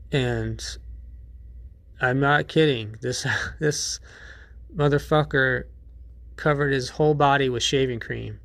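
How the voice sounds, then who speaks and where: Gravelly, rambling podcast host man. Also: mid-range voice, a bit bright, no room sound. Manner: rambling and profane, with many restarts. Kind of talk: casual monologue.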